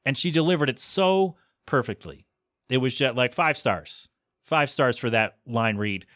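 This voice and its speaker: A man hosting a podcast, casually recapping a TV episode and acting out the characters' lines with animated swings in his voice. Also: mid-range voice, moderate pace, no room sound, studio quality. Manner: animated, acts out characters' quotes. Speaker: podcast host.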